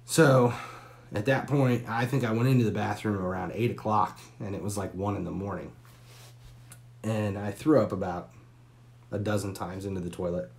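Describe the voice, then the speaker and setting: A man in his forties with a deep, low voice spins a long personal story on a live stream. He talks casually and bluntly, swearing freely and stretching the tale out with pauses and fillers. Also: fairly even intonation, vocal fry, darkish tone. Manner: candid, profane, drawn-out story with pauses and fillers.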